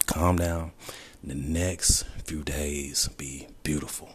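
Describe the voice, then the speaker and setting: A man with an extremely deep, husky voice speaks in a personal video diary. He is emotional and holding back tears, reflective, and often sinks into a breathy whisper. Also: fairly even intonation, moderate pace. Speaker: vlogger.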